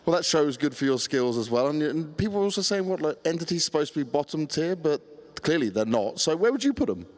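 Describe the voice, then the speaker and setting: Fast-talking male esports interviewer. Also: a little high, big pitch swings, darkish tone. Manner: teasing, upbeat questions. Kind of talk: on-stage player interviews.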